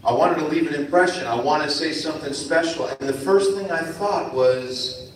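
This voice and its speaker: A middle-aged man from New Jersey giving a friendly, animated speech to students as a guest speaker at a school ceremony. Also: a little high, normal speed, slight background noise. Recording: echoey hall from far off, faint ambience.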